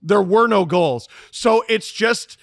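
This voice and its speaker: A man's voice: high-pitched, animated, takes it slowly, vocal fry, dry recording, clean studio sound. A man telling stories and joking as co-host of a sports podcast, swearing freely. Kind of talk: casual sports podcast banter.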